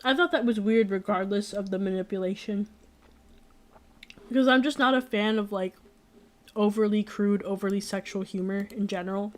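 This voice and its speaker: A woman's voice: mid-range voice, fairly even intonation, normal speed. Rambling, opinionated young woman. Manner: rambling, frequent fillers and restarts; opinionated, blunt. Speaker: streamer. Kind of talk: casual chat.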